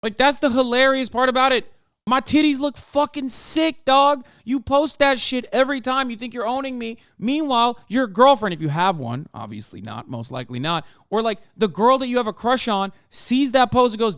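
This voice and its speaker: Loud, profane streamer man, clear voice. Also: extremely high pitch, moderate pace, no room sound, studio quality. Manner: loud, profane, animated, mocks others in put-on voices. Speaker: livestream host reacting to videos. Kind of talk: profane reaction ranting.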